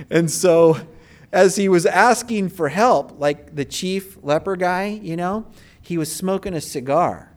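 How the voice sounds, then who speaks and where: A man's voice: high voice, slow. A male pastor preaching a sermon, telling stories casually with fillers and rising bursts of emphasis.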